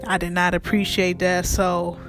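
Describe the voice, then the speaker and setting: An animated, profane storyteller ranting straight to the viewers in a casual storytime vlog. The voice sits at a middle pitch, and faint music plays underneath. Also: normal speed. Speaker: vlogger. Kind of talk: casual storytime rant to camera.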